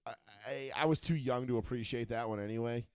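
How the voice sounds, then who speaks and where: A man's voice: medium pitch, fairly quick, darkish tone, clear, resonant tone, dry recording, clean studio sound. A man in his thirties co-hosting a call-in sports chat show, telling rambling stories full of fillers and swearing. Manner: profane, rambling storyteller with many fillers. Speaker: radio show co-host.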